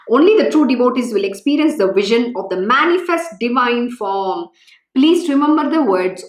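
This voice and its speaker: A woman's voice: on the high side, expressive, moderate pace, reverberant, rough recording. A woman giving a fervent devotional talk and scripture reading, emphatic and repetitive. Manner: fervent, emphatic, repeats phrases. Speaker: spiritual teacher.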